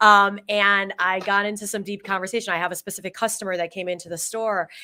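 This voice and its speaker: A woman co-hosts a podcast and talks in a relaxed, conversational way. Her voice sounds bright and a little tense. She rambles, with restarts, and acts out the story as she tells it. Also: mid-range voice, fast talker. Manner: rambling storyteller, animated retelling. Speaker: podcast co-host. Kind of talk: casual chat.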